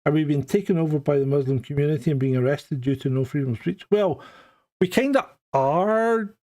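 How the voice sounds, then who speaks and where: A man's voice: a little high, fairly quick, mellow. A man from Scotland co-hosting a live stream in a joking, chatty way, often restarting sentences. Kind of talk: casual chat.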